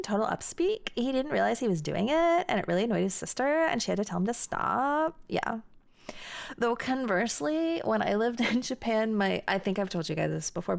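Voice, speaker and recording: An American woman chats loosely with her live-stream audience from home, rambling and laughing as she goes. Her voice sits in an ordinary middle range with a noticeable gravelly fry. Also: mid-range voice. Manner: chatty and rambling, quick laughs, frequent restarts. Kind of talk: casual live-stream chat, answering chat.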